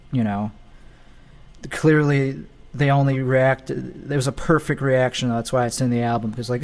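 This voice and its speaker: A comedian, a man, casually talking over his own stand-up recordings in a rambling, offhand way. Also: medium pitch. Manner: rambling and offhand, with trailing restarts.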